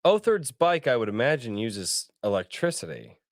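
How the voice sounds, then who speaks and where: Dude hosting a ttrpg stream, voice bounces all over, jokey, dry mic. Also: male voice, medium pitch, moderate pace, dry recording. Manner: animated, joking, swearing. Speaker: host and player. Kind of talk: casual tabletop game chat.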